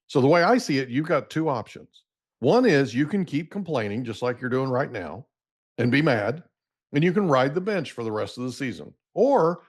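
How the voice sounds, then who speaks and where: A middle-aged man hosting a podcast, telling a long story in a casual, animated way and acting out the dialogue. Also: medium pitch. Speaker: podcast host.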